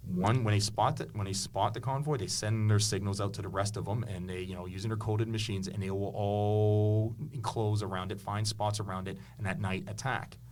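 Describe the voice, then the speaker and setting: A man's voice: fairly low pitch, steady tone, a little fast, few pauses, a little mellow, slight background noise. A man, a history teacher and author, telling stories with eager enthusiasm and many restarts in a casual interview. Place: indoors with a podcast host.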